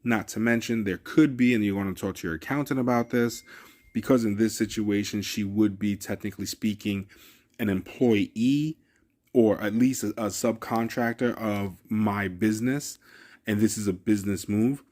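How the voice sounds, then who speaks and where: A man's voice: fairly low pitch, normal speed, a little mellow. A man who deals cars, talking casually and emphatically to his viewers, often addressing them directly. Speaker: car dealer vlogger. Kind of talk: casual talk to camera.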